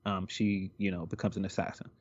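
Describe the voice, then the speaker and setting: A man's voice: deep voice, flat delivery, a little fast, slightly rough, no room sound, dull audio. A man co-hosting a podcast in casual chat, rambling with lots of ums and likes. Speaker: podcast co-host.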